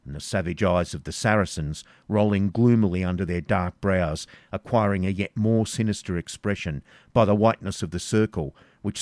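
A man giving scripted narration of a novel in a measured, even storytelling manner. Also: low-pitched, no room sound, studio quality. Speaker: audiobook narrator.

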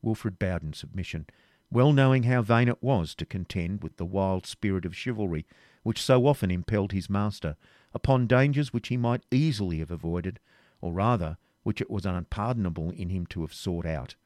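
A man narrating a classic novel in a measured storytelling manner. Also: low voice, darkish tone, no echo, clean studio sound. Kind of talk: audiobook reading of a classic novel.

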